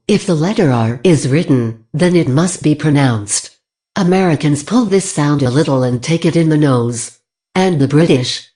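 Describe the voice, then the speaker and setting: A text-to-speech woman's voice reading a scripted lecture in an even, read-aloud way. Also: low voice.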